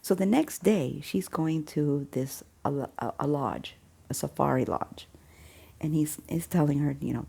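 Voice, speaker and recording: A woman casually retelling a film plot, an animated storyteller who chuckles and drops into hushed asides. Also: sits low, measured pace, creaky, slightly rough. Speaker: faith channel host.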